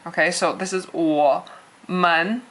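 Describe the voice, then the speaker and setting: A woman in her thirties walks learners through a lesson at a whiteboard. Her voice sits slightly low yet sounds bright and crisp. She talks casually, circling back, restarting sentences and laughing lightly at herself. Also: fairly even intonation, slow, slight background noise. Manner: friendly, rambling with frequent restarts and little laughs. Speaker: language teacher.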